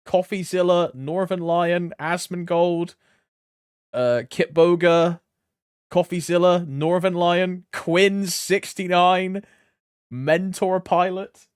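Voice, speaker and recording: A man's voice: sits high, fairly even intonation, slow pace, smooth, no room sound, clean studio sound. A man streaming live, chatting loosely in slangy talk, laughing often and trailing off mid-thought. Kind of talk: casual live stream commentary.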